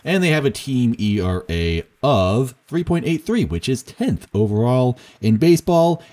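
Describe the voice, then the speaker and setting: A young man with a deep voice talks through baseball over a solo commentary. His tone is mellow and relaxed. He rambles loosely, fills gaps with ums, and pokes fun at himself. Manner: rambling and self-mocking, with fillers and chuckles.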